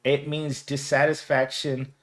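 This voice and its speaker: A man's voice: mid-range voice, little pitch movement, a little slow, fairly bright tone. A man in his thirties hosting a casual live stream at home, rambling and giggling as he answers viewer comments. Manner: rambling and giggly, talking to chat. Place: at home, streaming without camera.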